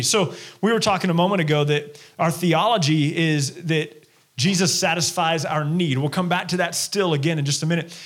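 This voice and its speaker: A male pastor preaching a sermon in an animated way, acting out the people he quotes. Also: fairly high pitch, moderate pace.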